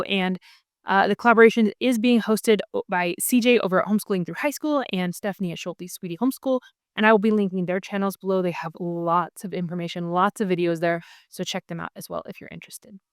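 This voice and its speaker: A woman's voice: medium pitch, fast talker, clear, resonant tone, no room sound, studio quality. A woman in her thirties, a homeschooling mother, talking casually and eagerly as she explains things step by step, with frequent ums. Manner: friendly, enthusiastic, explains step by step with many ums. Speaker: homeschooling mother sharing curriculum picks. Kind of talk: casual explanatory video talk.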